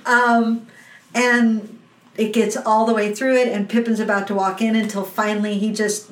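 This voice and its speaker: Woman podcast host, casual chat, lively retelling, roomy sound, set back from the mic. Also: medium pitch, measured pace. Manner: animated, acts out lines from the show. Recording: roomy, slightly distant mic.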